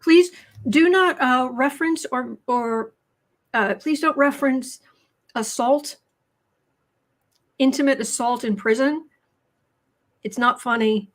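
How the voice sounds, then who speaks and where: A woman co-hosting a casual political tarot livestream, chatty and quick to laugh. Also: high-pitched. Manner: chatty, laughs easily, talks with her mouth full. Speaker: tarot reader co-host.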